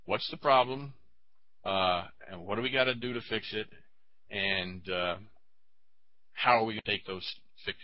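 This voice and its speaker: A man's voice: lowish voice, no echo. Guy rambling through a chat, lots of uhs, lo-fi muffled recording. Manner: rambling, halting, lots of fillers. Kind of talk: casual chat.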